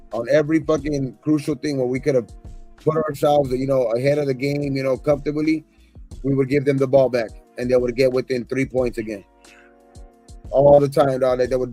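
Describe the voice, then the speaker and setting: A frustrated man venting on a casual sports podcast, swearing constantly and circling back to the same points. His voice is dark and mellow, with faint music playing behind it. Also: mid-range voice. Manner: frustrated, profane, repeats himself. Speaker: podcast co-host. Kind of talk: casual postgame rant.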